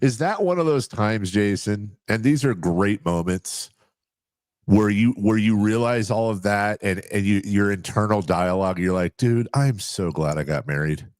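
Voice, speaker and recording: A man's voice: fairly low pitch, unhurried, no echo, clean studio sound. A man co-hosting a sports radio show in casual banter, joking and telling corny dad jokes.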